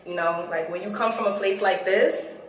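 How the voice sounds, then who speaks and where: A woman's voice: mid-range voice, moderate pace. A woman from the Bronx with a New York accent, giving a casual walking tour of her neighborhood in laid-back street slang and reflecting on growing up there. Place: outdoors on city streets. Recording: echoey, distant, with loud street noise.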